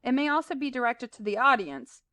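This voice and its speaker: A woman talks through a recorded lesson in a fairly high voice. She explains terms plainly, with fillers and asides. The sound is dry and close, and her voice is smooth. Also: animated, a little fast, sharp tone, no echo. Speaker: teacher.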